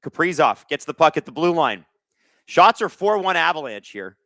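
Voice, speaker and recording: A Canadian man in his thirties, his voice a little high, casually calls plays on a live hockey watch-along at a moderate pace, joking and reading chat aloud with bursts of excitement. The studio-quality recording has no echo.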